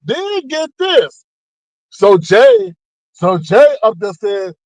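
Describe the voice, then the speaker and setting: A man runs a casual gossip commentary, voice sitting high and leaping around as he mocks and acts out the people he talks about. The sound is dry and close, with no room around it. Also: unhurried, dry recording, low-quality recording. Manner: animated, mocking, acts out quotes with big pitch jumps. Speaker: commentary channel host.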